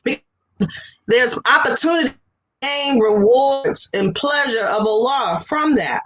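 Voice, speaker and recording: A woman's voice: high voice, animated, unhurried, a bit bright, poor audio. A woman co-hosting a casual religious talk show over a video call, chatty and laughing often. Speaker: co-host.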